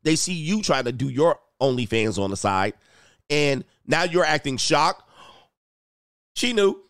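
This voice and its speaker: Guy doing reaction commentary, super animated pitch, blunt and mocking, dry sound. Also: no echo. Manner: blunt, mocking, repeats phrases for emphasis. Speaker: commentary channel host. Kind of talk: reaction commentary on a video clip.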